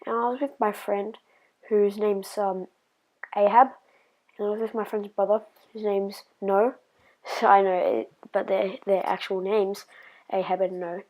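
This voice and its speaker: A woman's voice: mid-range voice, fairly even intonation, a little slow, warm tone, low-quality recording. A woman telling a personal story in a casual vlog, rambling and hesitant with lots of fillers, sometimes dropping to a whisper.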